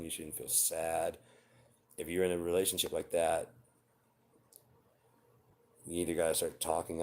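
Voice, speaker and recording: A very low-pitched man in his forties talks straight to his viewers about relationships. He is blunt and swears freely, but his advice comes across as earnest and heartfelt. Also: darkish tone. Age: 40s. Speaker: vlogger. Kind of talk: unscripted personal monologue.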